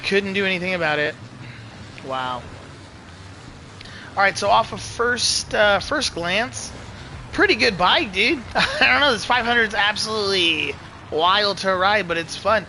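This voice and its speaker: A young man streaming a racing game, chatting casually to his viewers with profane, excitable banter and frequent laughs. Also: sits high, unhurried, a little hiss or hum. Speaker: gaming streamer. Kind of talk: casual live commentary while playing.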